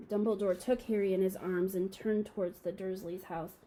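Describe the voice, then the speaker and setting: A woman reading a children's novel aloud to a class, calm and steady with small slips. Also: medium pitch, moderate pace, few pauses, low-quality recording.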